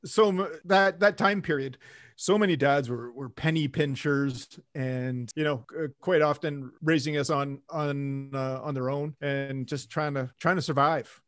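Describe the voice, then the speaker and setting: A man's voice: fairly high pitch, unhurried, no echo. A man hosting a podcast, asking a guest questions in an easygoing, friendly way. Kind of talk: casual interview chat.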